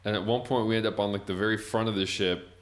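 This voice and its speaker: This twenty-something podcast co-host talks fast in a lowish voice, his intonation fairly even. He spins a long, rambling story during a casual chat, filling it with "like" over and over.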